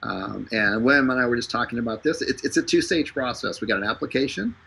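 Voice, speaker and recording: Man, live stream host, gravelly, raspy, bright edge, joking sales talk, chatty. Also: medium pitch, quick pace, rough recording. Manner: joking, talkative, lots of fillers and restarts. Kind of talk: casual persuasive sales pitch. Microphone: streaming over an internet connection.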